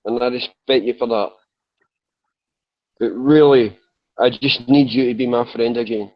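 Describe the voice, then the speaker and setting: A man's voice: medium pitch, fairly even intonation, unhurried, no echo. Woozy guy rambling sorry over and over, dull lo-fi chat audio, dry sound. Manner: rambling, apologetic, repeats himself. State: woozy and drowsy from medication. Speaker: chat room panelist. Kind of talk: emotional voice chat.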